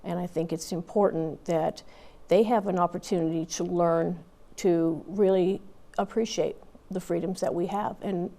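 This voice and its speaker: A woman's voice: lowish voice, darkish tone. A woman in her fifties, a Marine Corps veteran, telling her story candidly in an interview with plenty of fillers and restarts.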